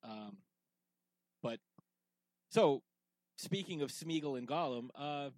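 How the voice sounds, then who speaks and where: A man's voice: medium pitch, lively intonation, takes it slowly, a little mellow, dry recording, rough recording. A man co-hosting a casual podcast, talking in a rambling way with lots of fillers and restarts, sipping whiskey as he goes. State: drinking whiskey while talking. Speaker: podcast co-host.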